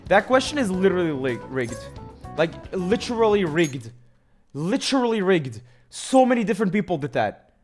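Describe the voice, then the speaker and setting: A young man streams a video game with soft music in the background, his high, sing-song voice moving at a normal speed. He rambles casually through the gameplay commentary, cursing and mocking himself as he plays.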